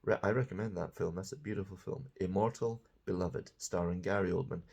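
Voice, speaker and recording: A man's voice: deep voice, fairly even intonation, fairly quick, creaky, darkish tone. A man teaching English grammar, patiently explaining example sentences and checking in with "okay?". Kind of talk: grammar lesson.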